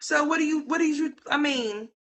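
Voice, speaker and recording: A woman commentator ranting with incredulous, profane, rapid-fire talk full of restarts. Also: sits high.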